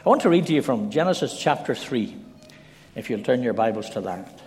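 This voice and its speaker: A man giving a sermon as a visiting preacher, telling stories in a measured way and reading scripture aloud. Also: mid-range voice, sing-song, darkish tone. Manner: measured, storytelling delivery. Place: church. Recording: long reverb in a large hall.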